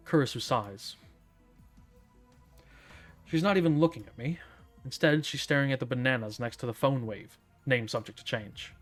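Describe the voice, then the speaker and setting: A man's voice: medium pitch, moderate pace, pauses often, a bit bright, soft background music. A man streaming a dramatic visual novel read-aloud, narrating in a theatrical, smug first-person voice.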